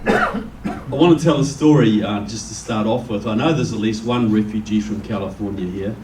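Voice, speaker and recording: A man's voice: fairly low pitch, moderate pace, darkish tone. A man from New Zealand with a New Zealand accent, giving a folksy, joking speech as guest speaker to a live audience in a meeting room. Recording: roomy, distant, faint background noise.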